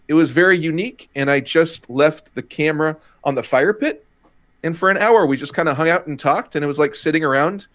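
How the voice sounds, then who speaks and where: Male co-host, playful and self-mocking, lively pitch, home mic on a video call. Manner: joking, playful, self-deprecating. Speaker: co-host of a live-stream show. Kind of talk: casual live-stream chat. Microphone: home desk microphone and camera on a video call.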